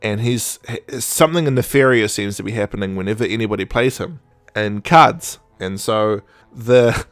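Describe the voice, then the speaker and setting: A man's voice: on the low side, moderate pace, clear, resonant tone. Chatty laughing male podcast host. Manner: animated, laughs often, mimics characters mid-story. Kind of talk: casual episode recap. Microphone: podcast microphone.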